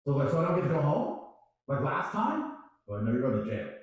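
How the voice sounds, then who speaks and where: A man's voice: a little high, very animated, a little fast, dull audio. A man telling a story on a stream in a profane, emphatic way, acting out other people's voices. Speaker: guest storyteller. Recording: very echoey room.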